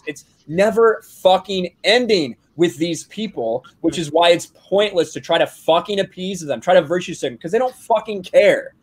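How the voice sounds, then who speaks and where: A man's voice: fairly high pitch, animated, normal speed, hardly any pauses, husky. A man hosting a casual live stream chat, ranting brashly with a lot of swearing. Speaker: live show host.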